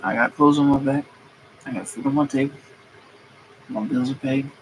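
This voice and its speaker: A streamer who works as a mechanic delivers a comedic ranting monologue, griping heatedly and swearing freely. His medium-pitched voice is steady at normal speed, on a low-quality recording with slight background noise.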